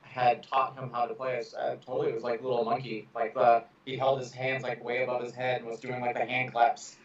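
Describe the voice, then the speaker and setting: Man, flat delivery, loose storytelling, echoey distant dull sound, crowd chatter behind. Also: medium pitch, brisk. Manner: flat, storytelling, heavy use of "like". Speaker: percussion instructor. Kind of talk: casual podcast chat.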